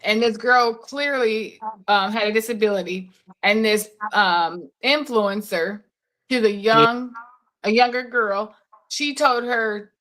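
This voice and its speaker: A woman's voice: a little high, takes it slowly, bright, forceful tone. A woman co-hosting a casual podcast chat, animatedly retelling a story and acting out the voices in it. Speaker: podcast co-host.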